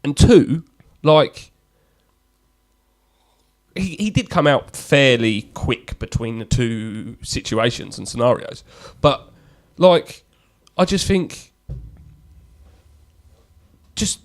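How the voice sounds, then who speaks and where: A man's voice: mid-range voice, expressive, takes it slowly, pauses often. A young man co-hosting a casual podcast, talking bluntly with lots of swearing. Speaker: podcast co-host. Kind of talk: casual chat.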